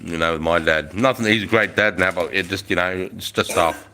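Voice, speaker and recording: A man's voice: deep voice, a little fast, noisy background. An Australian man in his forties, chatting casually on a livestream into his phone, laid-back, swearing freely and chuckling often. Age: 40s. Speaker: livestream host.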